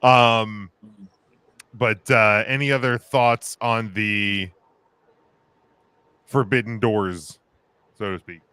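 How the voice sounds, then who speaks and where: A man's voice: on the low side, steady tone, takes it slowly, pauses often, sharp tone, clean tone, no echo. A man hosting a casual podcast chat, hesitant and joking, with many fillers and restarts.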